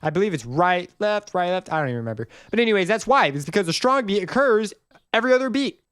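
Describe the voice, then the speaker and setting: A man's voice: sits high, lively intonation, fast talker, a bit bright, clean tone, no room sound, studio quality. A man giving a casual, rambling music theory lesson over a screen recording, often correcting himself mid-sentence. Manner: chatty, rambling, self-correcting.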